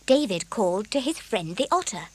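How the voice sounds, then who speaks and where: A woman narrating a children's audiobook in a gentle, expressive storytelling manner. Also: medium pitch, moderate pace, breathy edge. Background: soft background music.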